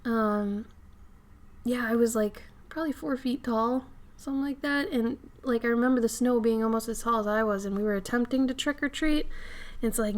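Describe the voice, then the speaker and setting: A hoarse woman, getting over an illness, chatting casually on a live stream while she draws; her voice crackles and she often drifts into soft whispers, speaking right up close to the mic. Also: on the high side, moderate pace. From Minnesota. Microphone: microphone close to the face.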